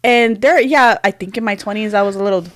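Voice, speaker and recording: A woman's voice: medium pitch, quick pace, a bit bright, no echo, studio quality. A woman in her thirties, co-hosting a podcast, telling a story in casual chat and laughing often. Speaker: podcast co-host.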